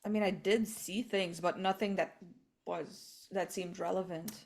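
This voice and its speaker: A woman's voice: on the low side, fairly even intonation, a little slow, gravelly, a little mellow. A woman playing a tabletop game, rambling loosely in casual in-character chat. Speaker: player.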